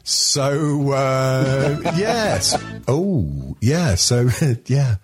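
A man hosting a podcast in casual chat, rambling and swearing, with lots of filler sounds and a husky voice. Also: medium pitch, big pitch swings, very slow, faint music behind. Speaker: podcast host.

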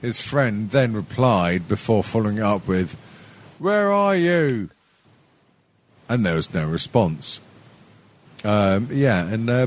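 Middle-aged man, podcast host, sweary and rambling, lively voice. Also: fairly low pitch. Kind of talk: casual comedic chat.

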